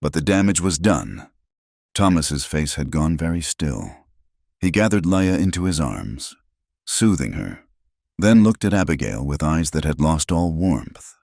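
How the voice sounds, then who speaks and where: A man's voice: a bass voice, expressive, a little slow, vocal fry, a little mellow, dry recording, clean studio sound. A man giving scripted, dramatic narration of a Western story.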